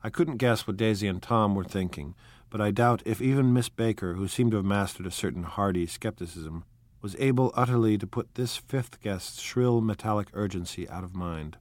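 A man narrating an audiobook in a measured, soft-spoken, reflective way. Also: lowish voice, no room sound. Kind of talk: scripted narration.

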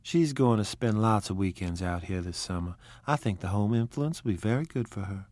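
A man's voice: fairly low pitch, expressive, fairly quick, a little mellow, no echo, close to an everyday voice. A man voicing a charming, flighty young society woman in a storybook reading, with a breathless, gushing manner.

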